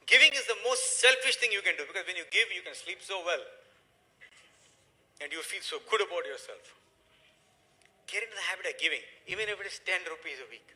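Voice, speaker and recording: Emphatic, bright-voiced man. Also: sits high, poor audio. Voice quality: emphatic, preachy, swings between loud and hushed. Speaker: motivational speaker. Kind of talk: motivational business talk.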